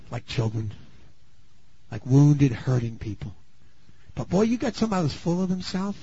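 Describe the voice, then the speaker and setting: A man preaching a sermon, dramatic and swinging from loud bursts to hushed asides. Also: high voice, slightly rough, no room sound. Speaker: pastor. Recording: dull lo-fi sound.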